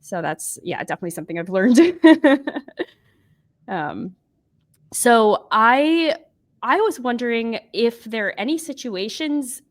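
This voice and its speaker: A woman hosting a podcast interview over a video call, casual and thoughtful, with many fillers. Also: mid-range voice. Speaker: podcast host.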